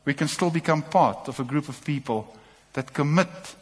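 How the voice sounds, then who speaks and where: A man's voice: on the high side, moderate pace, husky, in a large hall. A man preaching a sermon to a congregation, impassioned and repeating short calls to take courage.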